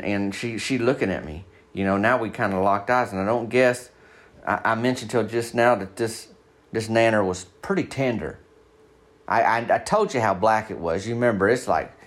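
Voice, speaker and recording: A man telling a long comic story in a folksy, deadpan way, sometimes slowing down to spell things out. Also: lowish voice.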